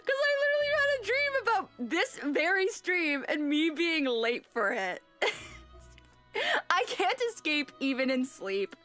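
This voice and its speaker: A bright, high-pitched young woman chats on a stream, her voice leaping up and down as she giggles. She reads chat aloud into a desk mic. Soft game music plays faintly behind her. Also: big pitch swings, slow.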